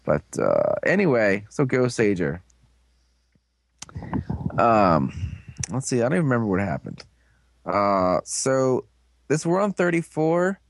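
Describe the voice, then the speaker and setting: A man's voice: medium pitch, sing-song, a little slow, creaky, long pauses, dry recording. Rambling, crude young man podcasting. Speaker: podcast co-host. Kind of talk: casual recap podcast chat.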